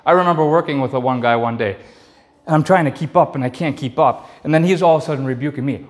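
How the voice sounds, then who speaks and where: A man's voice: on the high side, fast. A man in his thirties preaching to young men in church, telling a personal story and emphatically repeating key phrases.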